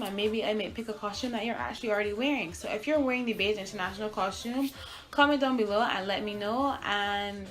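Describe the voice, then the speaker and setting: A young woman from Barbados with a mixed Barbadian and American accent, chatting casually through a makeup tutorial. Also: mid-range voice. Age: young adult. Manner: chatty, relaxed, with fillers. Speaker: beauty vlogger.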